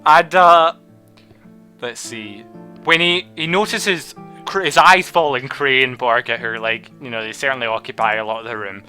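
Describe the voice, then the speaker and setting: A man's voice: medium pitch, pushed and bright. A man game master narrating a tabletop game in a rambling way over voice chat. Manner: rambling, halting narration with restarts. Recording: voice chat over background music.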